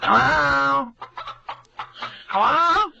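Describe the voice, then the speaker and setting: A man voicing a nagging older mother who calls and calls into the phone with a shrill, repetitive voice. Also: animated, drawn-out words, vocal fry, muffled recording, heavy background noise, exaggerated voice. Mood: insistent.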